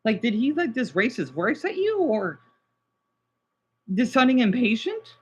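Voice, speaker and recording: A man's voice: extremely high pitch, huge pitch swings, a little slow, breathy edge, highs cut off. A man livestreaming in casual chat, agitated and swearing as he talks to his viewers.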